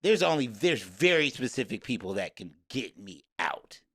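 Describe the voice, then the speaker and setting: A man co-hosting a podcast, telling stories in a rambling, animated casual chat. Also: medium pitch, normal speed. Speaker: podcast co-host.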